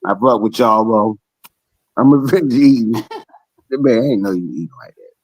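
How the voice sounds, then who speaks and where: A man in a casual podcast chat, talking while he eats, animated and full of swearing. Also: medium pitch, moderate pace, rough recording. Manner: profane, animated, talks while eating. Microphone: streaming call.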